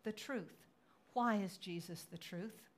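A woman pastor preaching a sermon, moving between relaxed storytelling and dramatic, loud acted-out quotes. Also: slow, slight background noise. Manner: dramatic, acts out quotes with rising pitch and volume; conversational storytelling with fillers.

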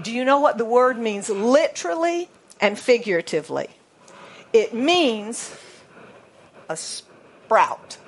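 Woman preacher, American accent, slightly high voice, playful, spells words out and goes hushed for emphasis. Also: very animated, a little slow, pauses often, slightly rough. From United States. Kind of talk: sermon.

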